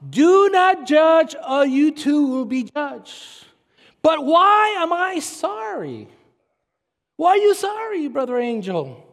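A man preaching a sermon as pastor, animated, with sudden shouts and mocking put-on voices. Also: extremely high pitch, takes it slowly, vocal fry, long reverb tail.

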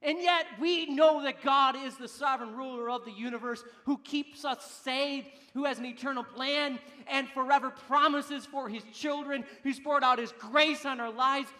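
A male pastor in his thirties preaching a sermon with a high, bright, ringing voice. He is emphatic, rising to loud declarations and then dropping to quiet, hushed asides. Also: steady tone, moderate pace, few pauses.

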